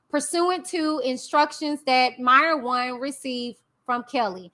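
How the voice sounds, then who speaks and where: A woman's voice: high voice, slow pace, few pauses, bright, forceful tone. A young woman hosting a casual commentary vlog. She reads a court document aloud and breaks off to chat directly with her viewers in slangy asides. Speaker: YouTube commentary host.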